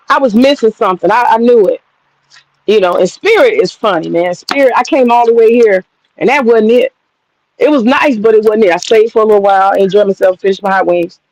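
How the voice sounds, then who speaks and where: A woman streamer tells a casual story in a profane, rambling and lively way while she works with her hands. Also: a little high, low-quality recording.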